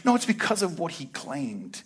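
High-voiced laid-back slangy pastor. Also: male voice, wildly swooping pitch, normal speed, slightly rough. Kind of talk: casual sermon.

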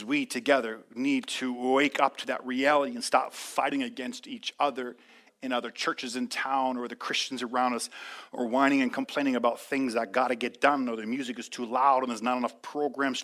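A man preaching a sermon in a church, energetic and emphatic, calling out to his congregation. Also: medium pitch, moderate pace. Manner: energetic, emphatic, call-and-response. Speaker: pastor.

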